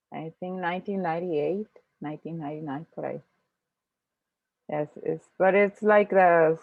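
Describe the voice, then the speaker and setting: A woman's voice: on the low side, no echo. Woman teaching English over video call. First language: Spanish. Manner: explains patiently, with frequent restarts and thinking aloud. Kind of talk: online class, switching between English and Spanish. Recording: tinny video-call audio, dry.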